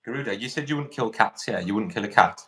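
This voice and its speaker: A man's voice: on the low side, expressive, fast talker, a crowd in the background. A man hosting an online debate, asking pointed questions with frequent restarts. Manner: probing, repetitive questioning with restarts. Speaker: debate host.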